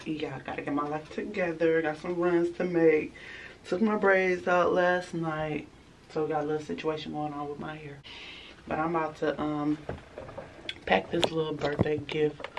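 Chatty, low-voiced woman vlogging at home. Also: noisy background. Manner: relaxed, chatty, talks straight to her viewers. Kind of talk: casual vlog chat. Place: home, indoors.

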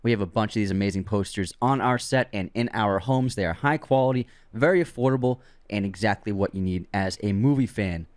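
A man's voice: fairly low pitch, brisk, hardly any pauses, dry recording. A man co-hosting a movie podcast, reading ads and playing quiz games in an easygoing way. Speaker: podcast co-host. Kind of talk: casual chat and ad reads.

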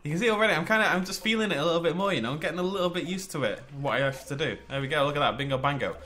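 This man, hosting a let's play with a northwest English accent, speaks at a racing pace in a slightly high, sharp-toned voice. Chatty and exclamatory, he keeps up a running commentary to himself while gaming.

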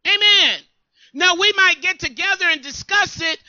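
High, bright-voiced woman preacher. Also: normal speed, no room sound, dull audio. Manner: emphatic, call-and-response preaching. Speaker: co-pastor. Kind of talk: sermon.

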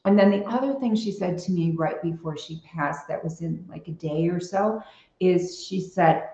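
A woman's voice: lowish voice, moderate pace, dark tone. Reflective woman guest, echoey muffled audio. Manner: reflective storytelling with frequent fillers. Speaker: podcast guest. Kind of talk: casual conversational interview.

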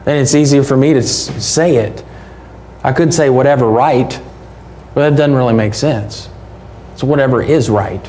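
Folksy pastor, mellow voice. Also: male voice, mid-range voice, normal speed, slight background noise. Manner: conversational, folksy, rhetorical questions. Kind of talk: sermon. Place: church.

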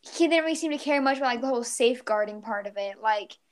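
A woman's voice: fairly high pitch, animated, quick pace. A woman co-hosting a fan podcast, earnest and rambling in casual chat, on a home mic over a remote call. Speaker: podcast co-host. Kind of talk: casual chat and read summary.

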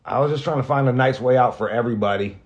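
A man's voice: mid-range voice, quick pace, lo-fi sound. Rambling, profane man saying goodbye. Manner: rambling, profane, restarts often; emotional, near tears at times. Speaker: radio host. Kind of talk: casual spoken farewell message.

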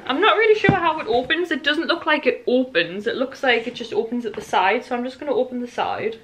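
A young woman talks straight to camera in a casual vlog, gushing and rambling with plenty of "like"s. Her voice is bright and forward, sitting a little higher than usual. A slight soreness in her throat sits under the chatter. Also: fairly quick, a little hiss or hum. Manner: excitable, gushing, rambling with many "like"s. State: sore throat. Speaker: vlogger.

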